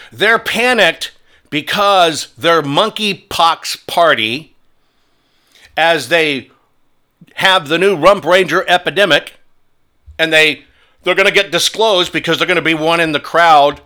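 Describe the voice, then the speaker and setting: Fired up talk show guy, mocking and combative, bright sharp tone. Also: fairly high pitch. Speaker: host. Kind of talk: opinion talk show monologue.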